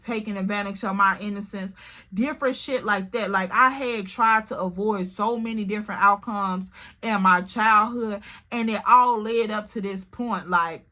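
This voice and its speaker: A woman's voice: medium pitch, sharp tone. A woman telling a personal story to her viewers in a candid, emotional, casual way, often calling the listener "girl". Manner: casual, repeats "like" and "literally". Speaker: storytime vlogger.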